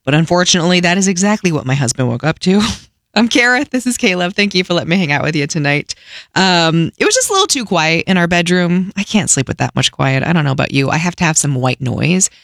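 A woman radio host telling a funny story in a casual, animated, self-deprecating way. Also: on the low side, fast, creaky, dry recording, studio quality.

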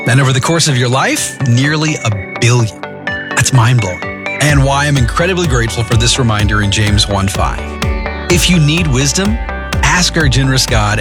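Radio host guy, earnest and upbeat, music going under him. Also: medium pitch. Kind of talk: radio show segment.

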